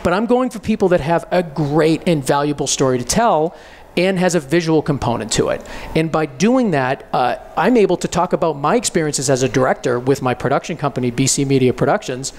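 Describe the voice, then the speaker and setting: A man's voice: a little high, lively intonation, a little fast, darkish tone. A man who directs commercials and runs a podcast, earnestly sharing his experience at a panel. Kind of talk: casual panel talk.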